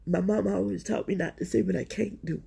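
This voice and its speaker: A middle-aged podcast host talks confessionally about her own struggles, with emotion, frequent swearing, and repeated turns toward her listeners. Her medium-pitched voice is gravelly, husky, and warm, steady in tone and quick in pace.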